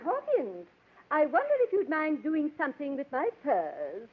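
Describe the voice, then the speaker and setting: A woman's voice: high voice, wildly swooping pitch, measured pace, narrow, tinny audio, some chatter behind, exaggerated voice. An actress playing a genteel, hesitant society lady guest in a 1940s radio sitcom. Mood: prim. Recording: hissy old radio broadcast.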